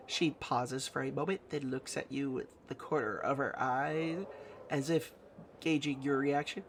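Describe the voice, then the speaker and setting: Slow, high-voiced man reading game text. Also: a little hiss or hum. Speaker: game streamer reading dialogue.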